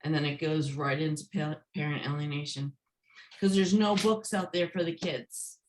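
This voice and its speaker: A woman's voice: deep voice, fairly even intonation, moderate pace, slight background noise, poor audio. A woman author being interviewed, speaking in a forthright, emphatic way. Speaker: guest, author. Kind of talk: interview conversation.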